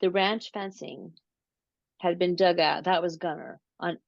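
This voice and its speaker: A woman being interviewed, telling a long story slowly and casually, with many fillers and restarts. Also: on the low side, fairly even intonation, vocal fry, no room sound. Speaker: interview guest, paranormal researcher. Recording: dull lo-fi audio.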